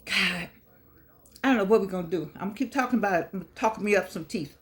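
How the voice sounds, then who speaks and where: A woman's voice: mid-range voice, fast, fairly bright tone. An older woman, hosting a casual motivational vlog with effusive, rambling talk that repeats itself, her speech shaped by missing front teeth. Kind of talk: casual chatty monologue.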